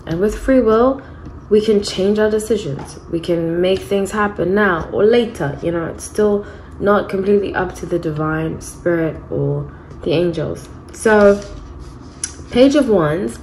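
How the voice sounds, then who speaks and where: A woman's voice: mid-range voice, a little slow, darkish tone, slight background noise, low-quality recording. Chatty woman giving a tarot reading. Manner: chatty, rambling, frequent self-corrections. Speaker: tarot reader. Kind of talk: casual tarot reading monologue.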